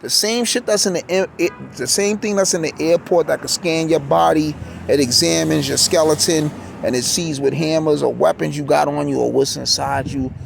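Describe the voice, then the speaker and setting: Gravelly New man ranting outdoors. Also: fairly high pitch, moderate pace. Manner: insistent, repetitive ranting with stumbling restarts. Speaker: vlogger. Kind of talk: outdoor street rant. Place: city street outdoors. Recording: street traffic noise behind.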